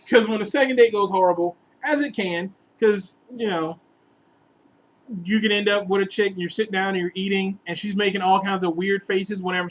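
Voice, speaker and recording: A man telling a long, rambling relationship story in a casual vlog, animated and sometimes bursting into exasperated outbursts. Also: sits high, rough recording. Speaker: vlogger giving relationship advice.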